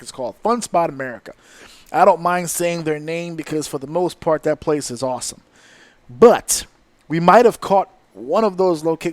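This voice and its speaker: A man in his thirties hosting a podcast, telling a story in a profane, exasperated, animated rant. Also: fairly high pitch, dry recording. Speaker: podcast host.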